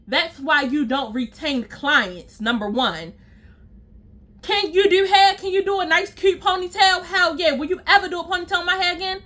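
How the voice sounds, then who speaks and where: Young woman venting a storytime, high voice, cussing, fed up, talking to y'all. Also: animated, moderate pace, pushed and bright. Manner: exasperated, blunt and profane, talks straight to "y'all". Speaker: storytime vlogger. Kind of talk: casual storytime rant to viewers.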